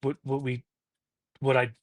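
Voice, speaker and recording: A man's voice: mid-range voice, monotone, measured pace, dry recording, clean studio sound. A man in his thirties, a podcast guest, speaking candidly about his past and often checking in with "right?" and "you know?". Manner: acts out past conversations in quoted voices. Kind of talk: candid personal storytelling.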